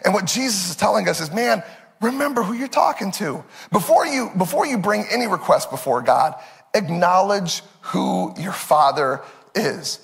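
A male pastor preaching a sermon in a conversational, animated way, laughing often. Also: high voice, normal speed, creaky. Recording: long reverb.

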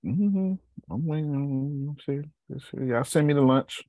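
A man's voice: fairly high pitch, measured pace, dark tone, dry recording, clean studio sound. A man leading an online group class as instructor, talking colloquially and repeating phrases for emphasis over a video call.

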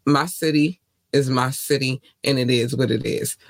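A man's voice: medium pitch, fairly even intonation, moderate pace, no echo. A man from Baltimore with a Baltimore accent, hosting a podcast in a casual monologue, passionate and defiant, repeating his points. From Baltimore, USA. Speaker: podcast host.

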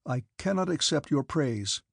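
A man voicing a reserved, sad young nobleman who speaks softly and with restraint. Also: a little high, animated, a little slow, creaky, husky, dry recording, studio quality, exaggerated voice. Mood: restrained.

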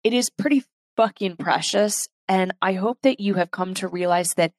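A woman hosts a podcast alone, talking in an earnest, heartfelt way with many unhurried pauses. Her voice sits in a middle pitch, neither high nor low. The sound is dry and close, with no room echo. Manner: reads a poem aloud slowly and softly. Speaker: podcast host. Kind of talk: reflective solo podcast monologue. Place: London.

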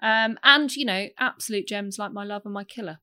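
A woman's voice: mid-range voice, a little fast, sharp tone, no echo, clean studio sound. A woman co-hosting a podcast in casual, enthusiastic chat. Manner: chatty, enthusiastic, laughs often. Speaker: podcast co-host.

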